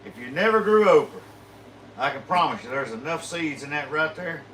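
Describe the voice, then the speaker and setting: A man's voice: a little high, animated, normal speed, fairly bright tone, echoey room, recorded from a distance, a little hiss or hum, poor audio. A middle-aged man with a North Louisiana country accent, chiming in easily during a live stream. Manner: country-talking, easygoing. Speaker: co-host. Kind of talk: casual live stream chat.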